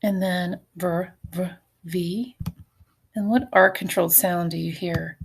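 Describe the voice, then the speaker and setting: A woman's voice: on the low side, steady tone, slow, creaky, a little hiss or hum. A middle-aged woman teacher giving a recorded phonics lesson, patiently sounding out syllables and letters for her students.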